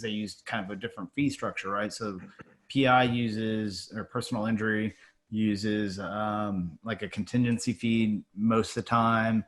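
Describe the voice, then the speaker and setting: A man who is an attorney and guest in a casual conversation, chatty and teasing, with many fillers like "um" and "you know". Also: fairly low pitch.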